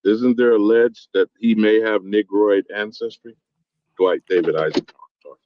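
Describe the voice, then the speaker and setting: A man's voice: fairly low pitch, fairly even intonation, a little slow. A man in a casual discussion, asking probing questions. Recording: dull lo-fi audio.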